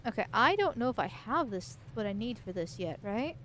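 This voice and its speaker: A woman's voice: on the high side, big pitch swings, brisk, a bit bright, slight background noise. A woman streamer giving gameplay commentary in a crude, rambling way, swearing a lot.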